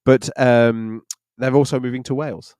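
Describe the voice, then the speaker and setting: A man's voice: mid-range voice, steady tone, moderate pace, darkish tone, clear, resonant tone, no echo. A man co-hosts a church livestream, his voice sitting in an ordinary middle register. He chats easily and jokes often. The sound is close and dry. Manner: jokey, chatty, laughs often. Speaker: church leader and co-host. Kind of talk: live online Q&A chat.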